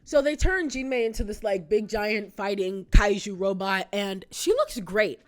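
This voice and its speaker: A woman's voice: mid-range voice, normal speed, hardly any pauses. A woman in her twenties talking casually as a video host, chatty and full of asides and rhetorical questions. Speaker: YouTube host. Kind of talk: casual retrospective commentary.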